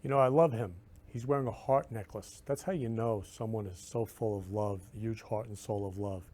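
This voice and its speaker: A man's voice: fairly low pitch, moderate pace, a little mellow. Effusive man hosting a show. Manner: effusive and affectionate. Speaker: show host. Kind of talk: casual chat.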